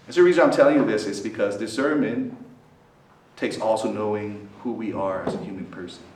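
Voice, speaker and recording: A lower-voiced male priest addressing a student gathering, tossing out questions and tagging "right?" onto his points. He is heard from across an echoing meeting hall with a faint hum of background noise, and his voice swings dramatically in pitch and loudness. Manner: keeps asking listeners questions, tags "right?". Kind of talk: talk to a student fellowship. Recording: roomy echo, from a distance, faint background noise.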